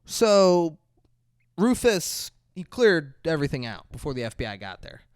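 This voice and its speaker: A man's voice: fairly high pitch, sing-song, a little slow, smooth, no echo, clean studio sound. A man co-hosting a podcast, retelling a movie's scenes in a casual, profane way and acting out the characters' lines. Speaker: podcast co-host. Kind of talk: casual movie review chat.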